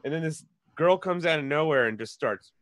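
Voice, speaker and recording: A man's voice: on the high side, lively intonation, brisk, fairly bright tone, no echo. A man telling a story in casual podcast chat, rambling with many fillers. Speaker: podcast guest.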